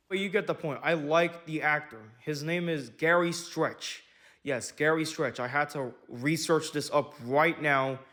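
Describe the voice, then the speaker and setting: A man's voice: a little high, steady tone, unhurried, pushed and bright. A man casually reviewing a movie, rambling with lots of fillers, correcting himself, and swearing now and then. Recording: echoey room.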